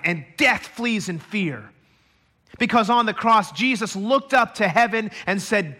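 Bright-voiced preaching man. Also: high voice, lively intonation, unhurried. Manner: emphatic preaching, builds to loud climaxes. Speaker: pastor. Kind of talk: sermon. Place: church stage.

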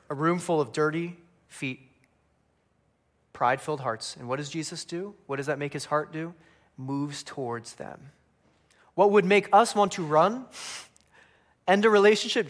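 A man preaching a sermon, animated, often asking "right?" and acting out humorous asides. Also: fairly high pitch. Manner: animated preaching, acting out humorous voices of biblical figures, tag questions. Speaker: pastor.

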